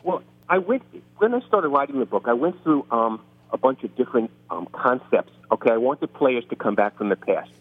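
A man's voice: mid-range voice, lively intonation, a little fast, breathy edge. Bronx-accented man on a phone line. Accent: New York. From New York, the Bronx. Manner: chatty, self-deprecating, frequent restarts. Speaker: author guest. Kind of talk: casual interview talk.

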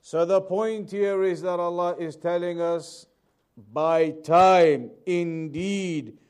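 A man teaching a lesson on Quran commentary, repeating key points and reading Arabic quickly before translating it slowly. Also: sits high, steady tone, a little mellow, clean tone. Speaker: Islamic teacher.

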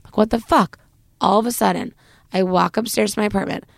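Young woman gabbing on a podcast, acts out every quote, bit of vocal fry. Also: mid-range voice, brisk, no room sound, clean studio sound. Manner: animated, acts out quotes, says "like" often. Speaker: podcast co-host. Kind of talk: casual storytelling chat.

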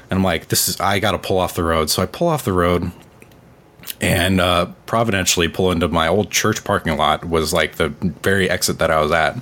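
A man's voice: deep voice, moderate pace, a bit bright. A man in his thirties telling a personal faith story in casual talk, earnest and full of fillers. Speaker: podcast co-host.

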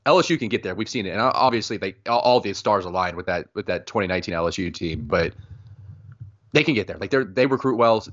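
A man's voice: lowish voice, fast, fairly bright tone, lo-fi sound. A man co-hosting a podcast, chatting loosely about college football with jokes and lots of fillers. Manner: loose, joking, many fillers. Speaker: podcast co-host. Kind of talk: casual sports chat.

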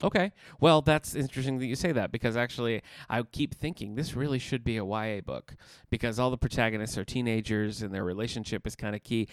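A man co-hosting a casual podcast, talking in a measured, mildly wry way with frequent fillers. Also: medium pitch, no room sound. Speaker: podcast co-host, librarian. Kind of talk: casual chat.

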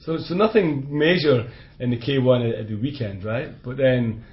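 A Scottish man talks football on a podcast in a loose, chatty way. He laughs easily and states blunt opinions. His voice sits at a middle pitch, and the audio is a little dull and lo-fi. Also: moderate pace. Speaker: podcast co-host. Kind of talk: casual football chat.

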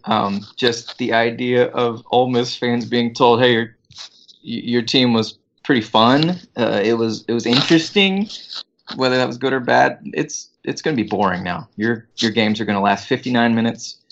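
A man's voice: medium pitch, moderate pace, a bit bright. A man co-hosting a casual sports podcast, joking and laughing often, tripping over his words. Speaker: podcast co-host. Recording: dull lo-fi recording.

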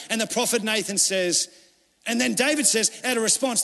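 A man delivering a sermon, his voice pitched fairly high for a man. He moves between fervent, urgent appeals and quiet, intimate pleading. The sound rings out with the long echo of a large church hall. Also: brisk. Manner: impassioned preaching, swinging from urgent cries to hushed pleading. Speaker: pastor.

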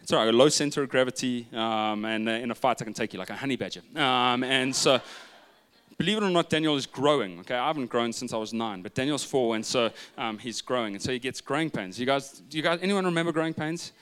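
Guy preaching, jokey storyteller, drops to quiet bits then gets loud again. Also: medium pitch, quick pace, clean tone. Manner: humorous storytelling, shifting from loud asides to hushed retelling. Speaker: pastor. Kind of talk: sermon.

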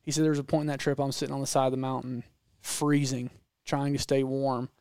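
A Southern American man with a gravelly edge to his voice, rambling through a story on a close, dry studio mic. He talks in bursts, restarting sentences and getting animated as he goes. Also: mid-range voice, a little fast, dry recording. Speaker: podcast guest storyteller. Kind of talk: casual storytelling chat.

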